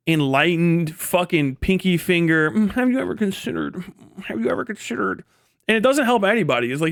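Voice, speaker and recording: Young male streamer with a high voice, dry close sound, profane and mocking, laughs through his rant. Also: fairly bright tone, no echo. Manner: profane, mocking, laughs often, jumps into silly mimicking voices. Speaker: livestream host. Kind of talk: casual ranting monologue.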